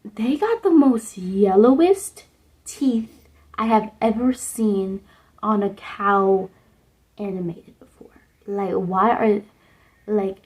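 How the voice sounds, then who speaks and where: A woman's voice: medium pitch, a little mellow, poor audio. Young woman chatting casually about a movie. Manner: rambling, full of "like" fillers. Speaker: vlogger reviewing a movie. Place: indoors at home under a sunset lamp.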